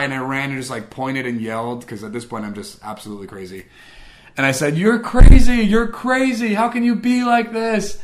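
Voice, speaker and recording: A young adult man speaking as a ministry speaker, telling a personal testimony in an animated way and acting out his own past reactions. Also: mid-range voice.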